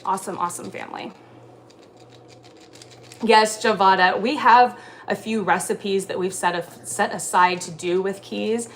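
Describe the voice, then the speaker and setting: A woman's voice: medium pitch, steady tone, a little slow, long pauses, a little hiss or hum. A woman in her thirties from Alabama with a mild Southern accent, chatting casually on a livestream and answering viewer comments. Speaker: livestream co-host.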